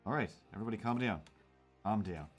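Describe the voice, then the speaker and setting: A man's voice: on the low side, animated, quick pace, slightly rough, soft background music. A man hosting a casual drawing livestream, rambling and self-mocking as he chats with viewers. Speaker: cartoonist streamer.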